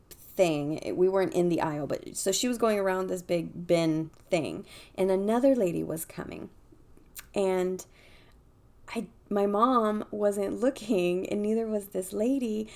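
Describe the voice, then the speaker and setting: A middle-aged woman vlogging to camera in a casual, rambling way, with a gravelly edge to her voice. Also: medium pitch. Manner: chatty, rambling, quick bursts of laughter. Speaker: vlogger, tarot reader.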